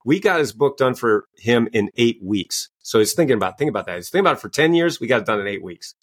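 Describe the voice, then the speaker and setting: A man's voice: mid-range voice, expressive, quick pace, slightly rough. A man, a coach and author, answering interview questions with enthusiastic storytelling. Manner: enthusiastic, storytelling, acts out quoted voices. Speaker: guest, executive coach and author.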